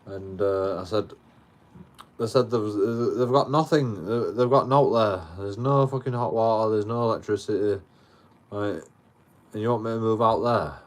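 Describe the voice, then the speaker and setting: Low-voiced rambling man. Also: moderate pace. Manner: rambling, heavy swearing, frequent restarts. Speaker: livestreamer. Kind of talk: casual storytelling. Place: outdoors.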